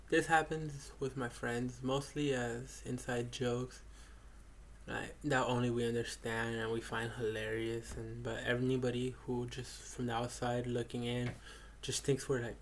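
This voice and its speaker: Young guy talking casually, kind of rambly with lots of likes and uhs, gravelly low-ish voice, faint hiss behind. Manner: rambling, with many fillers and restarts. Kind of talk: casual spoken reflection. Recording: faint background noise.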